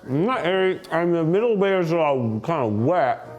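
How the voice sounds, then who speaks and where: A man from Tennessee hosts a tasting session in an office, his voice sitting a bit high with very lively swings of pitch. He jokes around and reacts playfully to every bite. Faint music plays in the background. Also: unhurried. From Tennessee, USA. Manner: playful, joking, animated reactions. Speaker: host. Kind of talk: food tasting commentary.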